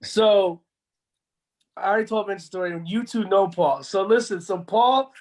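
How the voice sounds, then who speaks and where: A man hosting a podcast, swapping stories in loose casual chat. He is an animated teller, and the story comes out profane and unpolished. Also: high voice, moderate pace. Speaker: podcast host.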